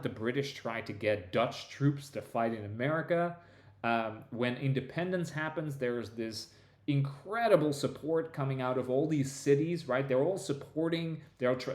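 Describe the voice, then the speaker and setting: A male history professor talks through a long explanation. He speaks at a middle pitch, restarts his sentences often and tags points with quick asides. His voice carries a noticeable room echo. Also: a little mellow. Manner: discursive, many restarts and "right?" tags. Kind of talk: conversational lecture-style explanation.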